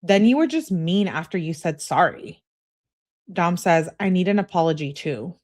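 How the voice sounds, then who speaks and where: A woman's voice: on the low side, animated, normal speed, darkish tone. A woman commentating on a true crime case, reading out text messages and reacting bluntly with sarcasm and swearing.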